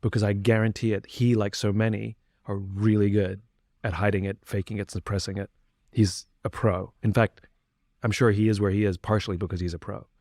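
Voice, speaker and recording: A man's voice: fairly low pitch, little pitch movement, fairly quick, a little mellow, no room sound, clean studio sound. A man speaking as a podcast guest, talking earnestly and reflectively with frequent restarts. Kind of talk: candid conversation.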